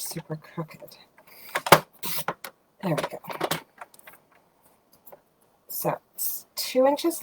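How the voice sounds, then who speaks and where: A woman demonstrating card making, chatting casually and thinking aloud as she works, sometimes dropping to a soft murmur. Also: on the low side, heavy background noise. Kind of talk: casual craft tutorial narration.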